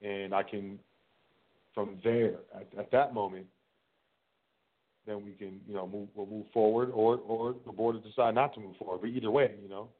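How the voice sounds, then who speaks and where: Low-voiced man on a tinny line. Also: steady tone, normal speed. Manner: rambling, repeats words, acts out dialogues. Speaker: host. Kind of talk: casual solo talk. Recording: tinny phone-like sound.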